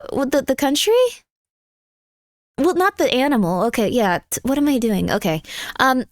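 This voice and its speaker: Scatterbrained high-voiced woman streamer. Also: very animated, moderate pace, no echo, clean studio sound. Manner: rambling, scattered, self-interrupting; chatty, reads out viewer messages. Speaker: livestreamer. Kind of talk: casual livestream chat.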